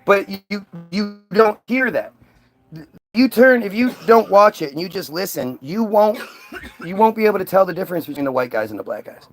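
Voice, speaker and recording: A man's voice: high-pitched, lively intonation, fairly quick. A middle-aged man hosting a podcast in casual chat, talking in a rambling, emphatic way with plenty of swearing. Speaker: podcast host.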